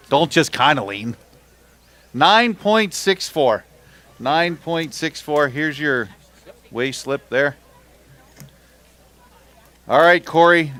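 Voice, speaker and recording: Live at a fishing tournament weigh-in, a male emcee announces the weights and banters playfully with the anglers, keeping things upbeat. His voice sits in the middle range and has a fairly bright tone.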